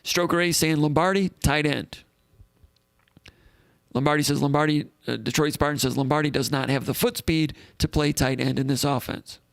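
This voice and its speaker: A man's voice: a little high, fairly even intonation, moderate pace, creaky, no room sound, clean studio sound. A man hosting a live call-in sports show in a casual, rambling way, reading out comments and thinking aloud.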